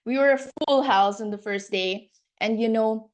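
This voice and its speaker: A woman's voice: a little high, moderate pace. A woman life coach hosting a workshop on a video call, effusive and gushing, laughing often and repeating her words.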